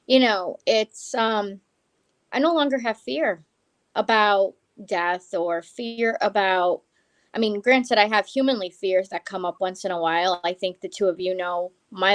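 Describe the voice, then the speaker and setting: A woman guest on a live stream, talking earnestly and a little haltingly about her beliefs. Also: mid-range voice, no room sound. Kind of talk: casual live-stream chat.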